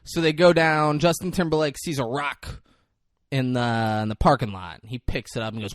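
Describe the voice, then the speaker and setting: A young man co-hosting a podcast, retelling a movie in casual chat and acting out its lines with loud outbursts. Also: medium pitch, normal speed, no room sound, studio quality. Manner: animated storyteller, acts out lines from the film with loud outbursts. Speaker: podcast co-host.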